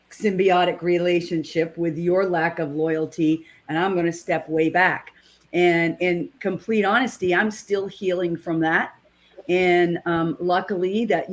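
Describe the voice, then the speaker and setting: A woman with a New England accent in a casual panel discussion, talking earnestly and emphatically, often repeating words as she starts a thought. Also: lowish voice.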